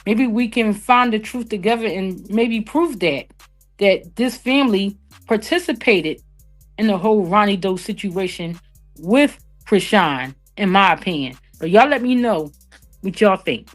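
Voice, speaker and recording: A woman hosts a live stream in a casual, chatty way, speaking straight to her viewers. Her voice sits at a middling pitch, and faint music hums behind her. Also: lively intonation, unhurried. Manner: chatty, addresses viewers directly. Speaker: live-stream commentary host.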